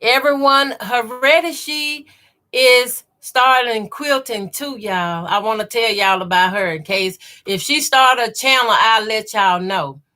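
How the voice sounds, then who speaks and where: A woman's voice: a little high, takes it slowly, bright, forceful tone. A woman with a Southern accent hosting a live sewing stream, greeting viewers by name and reading their comments aloud. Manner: says y'all a lot. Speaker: quilting channel host.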